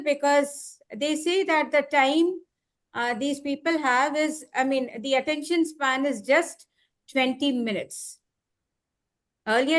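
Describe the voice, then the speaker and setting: A woman trainer explaining activities in a live online workshop over a video call, repeating key words and slowing down for examples. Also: sits high. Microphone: computer mic on a video call.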